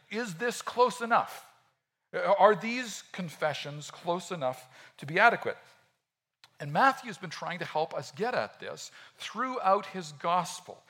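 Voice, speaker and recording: A man preaching a sermon in a conversational, animated way, often acting out quotes. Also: sits high. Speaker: pastor.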